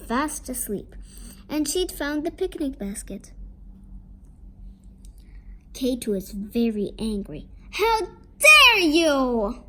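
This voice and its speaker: A woman reading a children's witch story aloud, slowly and expressively. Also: fairly high pitch, darkish tone, slight background noise, rough recording. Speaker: storybook reader.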